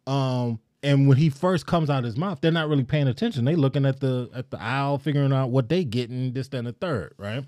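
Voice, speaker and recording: A man hosting a podcast in relaxed, rambling casual chat, often laughing mid-sentence. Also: medium pitch, fairly quick, hardly any pauses, no room sound, clean studio sound. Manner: laid-back, rambling, laughs while talking. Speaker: podcast host.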